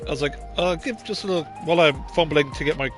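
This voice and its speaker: A man's voice: a little high, quick pace, music in the background. A man streaming a game, talking casually in a rambling, chatty way with lots of filler words. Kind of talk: casual gameplay commentary.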